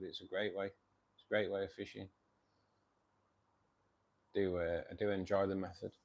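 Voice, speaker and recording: Low-voiced and a little slow, with long pauses, a weary fishkeeping live streamer chats casually with his audience. He reads their comments, keeps saying "mate," and often rambles and starts over.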